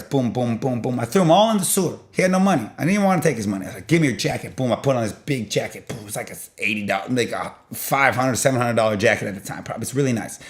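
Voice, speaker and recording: A young vlogger rambles through a long story, full of filler words and sound effects like "blah blah" and "boom." He's animated, his loudness jumping around as he retells it.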